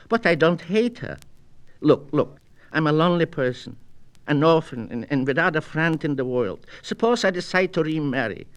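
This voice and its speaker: A man's voice: a little high, fairly bright tone, clear, resonant tone. A man voicing a fretful married man who pleads and protests as he asks for advice, in a storybook reading. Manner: agitated, pleading and indignant.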